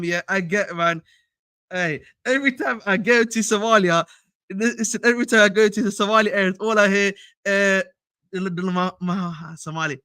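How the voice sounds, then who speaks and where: Young man, excitable livestream host, high voice. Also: no echo, clean studio sound. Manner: slangy, excitable, chatty with chat. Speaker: fan channel livestreamer. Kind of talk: casual livestream chat.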